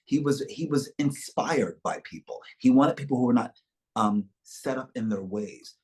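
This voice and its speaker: A man's voice: mid-range voice, moderate pace, a little mellow. A man speaking as an actor guest in a webchat interview over a video call, reflective and expansive in the way he tells things.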